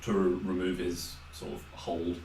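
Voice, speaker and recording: Deep-voiced man recapping a game. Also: completely flat delivery, measured pace, darkish tone, recorded from a distance. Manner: rambling, filler-heavy retelling with quoted asides. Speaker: podcast co-host. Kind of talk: casual chat, game recap. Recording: echoey room, off-mic, faint noise.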